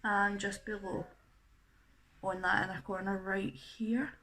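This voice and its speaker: Bright-voiced woman chatting through makeup. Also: medium pitch, flat delivery, slow pace. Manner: chatty, self-deprecating, laughs easily. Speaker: makeup artist. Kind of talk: casual makeup tutorial.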